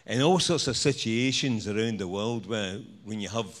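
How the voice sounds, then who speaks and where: A man's voice: fairly low pitch, moderate pace. A man with a Scottish accent giving a live stage talk with slides, rambling and joking, full of "you know". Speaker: speaker at a presentation night.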